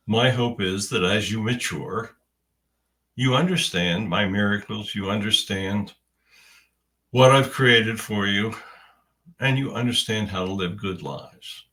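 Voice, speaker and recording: A man with a fairly low voice delivers a first-person spiritual message at a very slow, unhurried pace. He speaks in deliberate, halting phrases with long pauses between them. The recording picks him up a bit far from the mic. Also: a bit bright.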